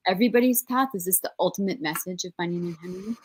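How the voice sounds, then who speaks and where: A woman acting as guest host of an author interview. She is emotional and expressive and laughs easily. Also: on the low side, fast, slightly rough, dry recording, rough recording.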